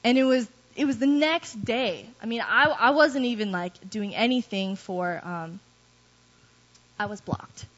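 A somewhat high-pitched woman tells her church testimony in a candid, self-mocking way. The recording sounds dull and lo-fi. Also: a little slow, a bit bright. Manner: candid, self-deprecating storytelling with laughs. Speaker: guest speaker giving testimony.

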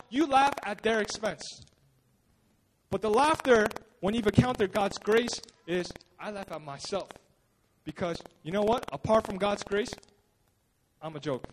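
A male pastor preaching a sermon at a church service in a casual, animated way, often repeating his words and joking at his own expense. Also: very high-pitched, a little hiss or hum.

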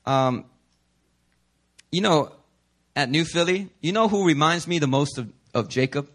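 Young male pastor, casual joking sermon, high bright voice. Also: lively intonation, unhurried. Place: church.

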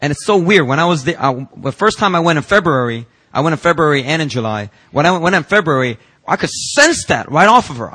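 A man pastor preaching a sermon in church, telling stories and reading out emails with lively emphasis. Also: a little high, a little fast, hardly any pauses.

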